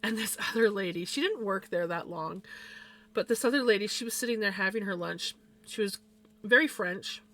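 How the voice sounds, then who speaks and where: Bright-voiced, blunt woman streamer. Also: medium pitch, normal speed. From Canada. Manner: blunt and expressive, swears freely. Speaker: live streamer. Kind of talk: casual storytelling chat with viewers.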